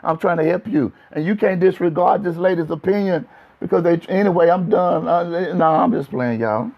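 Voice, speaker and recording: A man's voice: high voice, normal speed, vocal fry. A man, a pastor, giving a casual livestream sermon talk, chatty and repetitive, speaking straight to his viewers. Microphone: phone livestream. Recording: dull lo-fi phone stream.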